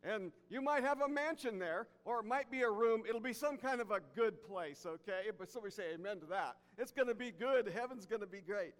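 Pastor, male, high-pitched, preaching with emphasis, long church reverb. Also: expressive, a little fast, hardly any pauses. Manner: emphatic, repeats key phrases, drops to soft low tones for emphasis. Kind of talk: sermon. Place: church sanctuary.

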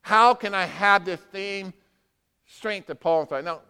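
A male pastor preaching a sermon, moving between quiet asides and loud, emphatic bursts. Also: sits high, normal speed, smooth. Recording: long hall reverb.

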